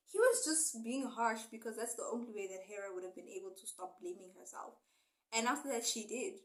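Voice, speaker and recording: A woman in a casual book review vlog, animatedly retelling a story's plot with sudden loud bursts. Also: medium pitch, animated, a little fast, reverberant, low-quality recording.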